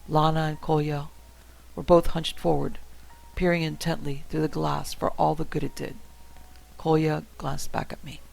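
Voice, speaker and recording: Gravelly man narrating a horror story. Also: on the high side, level tone, normal speed, a little mellow, poor audio.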